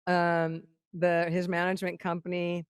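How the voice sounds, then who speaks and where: A middle-aged woman, a songwriter and keynote guest, telling a story in casual talk. She is animated, swears freely and acts out what other people said. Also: on the low side, unhurried, clean tone, no room sound, studio quality.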